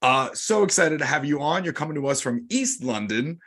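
A man's voice: fairly high pitch, expressive, fairly quick, fairly bright tone, slightly rough. An American man hosting a podcast, chatting casually and enthusiastically with a guest, now and then swearing. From United States. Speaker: podcast host.

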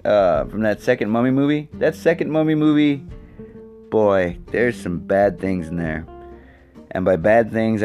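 A man's voice: medium pitch, darkish tone. A man hosting his own show in a casual, rambling monologue, swearing freely and joking sarcastically. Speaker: podcast host.

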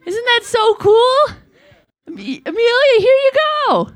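Giggly high-voiced woman doing a roast, as a comedian plays a 1950s comedy star. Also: sing-song, slow, exaggerated voice. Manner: giggly, rambling, self-deprecating. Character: comedic take on a famous 1950s female comedian. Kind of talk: live comedy roast set.

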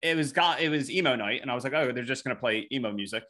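A man co-hosting a casual podcast, spinning profane stories. His voice is bright and forceful at a middle pitch, and he slips into mock voices when he quotes people. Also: fast talker. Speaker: podcast co-host.

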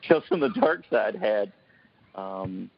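A man's voice: on the low side, a little slow, vocal fry, husky. A man in his forties telling stories in a casual podcast roundtable, acting out the voices he quotes. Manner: excitable storyteller, acts out quoted voices. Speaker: podcast panelist. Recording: dull lo-fi podcast audio.

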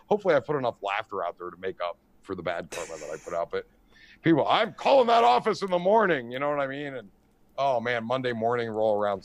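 A middle-aged man telling prank stories in casual chat, animated and profane, often asking "you know what I mean". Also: lowish voice, no room sound.

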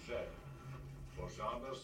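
A grim male exterminator from the outer wastelands, his voice sitting low and each word dragged out at a very slow, deliberate pace. He speaks in solemn pronouncements, with a faint hum of ambience behind him. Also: a bit bright. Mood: menacing.

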